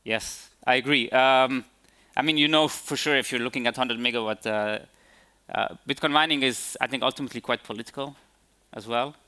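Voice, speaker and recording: Male tech speaker at a conference Q&A; bright voice, halting delivery. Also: medium pitch, fairly even intonation. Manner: hesitant, many fillers and restarts. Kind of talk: conference Q&A answers.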